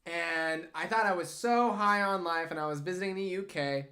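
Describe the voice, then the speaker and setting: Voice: mid-range voice, normal speed, sharp tone. A young adult artist chatting casually on a livestream, answering viewer questions with rambling, jokey asides. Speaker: artist streamer.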